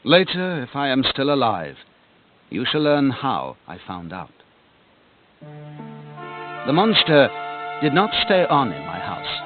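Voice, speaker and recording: A man reads a storybook aloud in a dramatic, lively voice that falls to a hush at the quiet moments. Clear music plays behind him, and the recording is thin and tinny like an old tape. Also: medium pitch. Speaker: narrator. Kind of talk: cassette audiobook reading.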